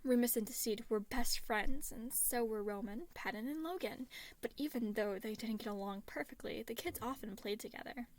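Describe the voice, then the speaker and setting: A woman reading a fan story aloud in steady narration, sometimes dropping to a soft whisper. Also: on the high side, moderate pace, no room sound. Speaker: fan fiction reader.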